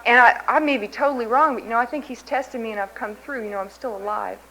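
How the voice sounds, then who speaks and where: A woman from Kansas speaks at a podium mic in a large convention hall, sharing her recovery story. Her voice sits a little high, and her candid, self-mocking way of talking is broken often by laughter at herself. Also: fast, a bit bright. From Kansas, USA. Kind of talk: personal recovery testimony.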